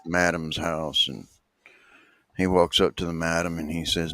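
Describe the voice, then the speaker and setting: Man, very deep voice, folksy joke teller, does the characters' voices, dry close sound. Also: little pitch movement, a little slow, sharp tone, no echo. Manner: acts out the characters' voices, rising to a high squeal at the punchline. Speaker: guest telling a joke.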